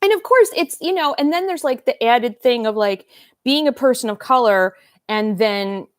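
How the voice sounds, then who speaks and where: A woman's voice: a little high, animated, moderate pace, no room sound. Rambling fifties woman on a dry livestream. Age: 50s. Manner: rambling, talks while eating, reads comments aloud. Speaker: doll-collecting livestream host. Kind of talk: casual livestream chat.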